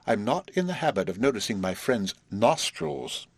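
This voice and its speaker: A man reading the part of a flippant, teasing young woman in an audiobook, with a husky voice and brash, drawn-out banter. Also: medium pitch, sing-song, dry recording, heavily acted.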